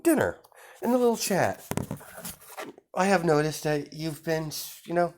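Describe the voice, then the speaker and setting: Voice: mid-range voice, pitched above the performer's own voice. A reader putting on the voice of a young woman, a fawning and sweetly menacing sister, for an improvised fan story read-aloud.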